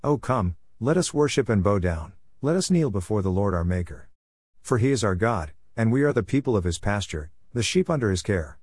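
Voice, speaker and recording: Man, low voice, measured scripture reading, dry close sound. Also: animated, darkish tone, slightly rough, dry recording. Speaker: reader.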